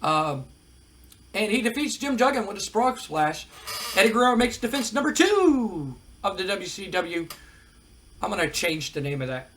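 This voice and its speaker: A man with a high voice casually recaps a wrestling sim, thinking aloud between results. His delivery is relaxed and easygoing, with plenty of ums and uhs. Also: normal speed, slight background noise. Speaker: let's-play narrator. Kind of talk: casual game commentary.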